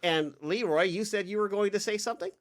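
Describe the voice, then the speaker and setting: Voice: medium pitch, quick pace. A game master narrating a tabletop game, rambling and full of filler words.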